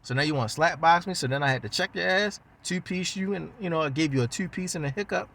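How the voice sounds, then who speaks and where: A man with a Baltimore accent tells a story in loose, slangy, profane talk. His voice sits a little high for a man, and he jumps into other people's voices as he goes. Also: fast, vocal fry, fairly bright tone. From West Baltimore. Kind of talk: casual storytelling.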